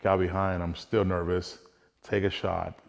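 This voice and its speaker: A man with a low, gravelly voice recounts his own hunting story in an earnest, conversational way, now and then acting out what people said. His voice carries a long, echoing reverb. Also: flat delivery, a little slow. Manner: earnest, conversational, drops into quoted dialogue. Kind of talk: casual personal storytelling.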